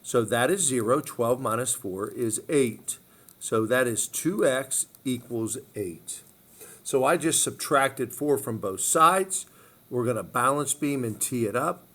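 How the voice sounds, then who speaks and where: In a recorded math lesson, a male teacher works through each equation one step at a time, his mid-range voice even and unhurried. He repeats phrases, frequently checks in with "okay?", and has the hiccups.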